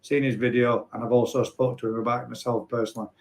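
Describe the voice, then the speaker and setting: A man's voice: mid-range voice, level tone, fast talker, a little mellow. A man hosting a casual live stream, chatting and reading out viewer comments in a rambling, self-correcting way. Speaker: host.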